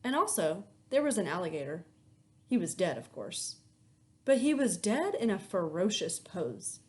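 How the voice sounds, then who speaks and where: A woman teacher reading a children's novel aloud to her class, with expressive storytelling. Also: lowish voice, moderate pace. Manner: expressive storytelling, lively intonation.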